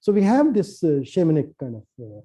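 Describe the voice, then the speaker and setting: A man spinning a lively tale, dark voice. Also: a little high, a little fast, poor audio. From Nepal. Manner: lively, acts out quoted dialogue, many restarts. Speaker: poet and translator. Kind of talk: animated storytelling in conversation.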